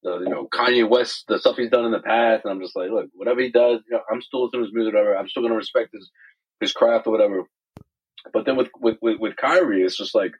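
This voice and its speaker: Guy co-hosting a sports podcast, husky voice, kinda dull lo-fi sound, animated, repeats himself a lot. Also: medium pitch. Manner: animated, repeats words, mimics others. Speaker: podcast co-host. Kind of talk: casual chat.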